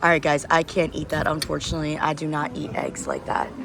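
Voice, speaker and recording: A low-voiced woman, very animated and brisk, vlogs casually to camera about the food and places she finds. The travel vlogger is on the move outdoors and in cafes, and the recording picks up street and traffic noise.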